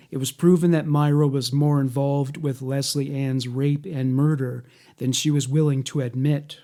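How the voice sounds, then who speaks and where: A man reading a scripted documentary narration in a measured, matter-of-fact way. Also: mid-range voice, warm tone.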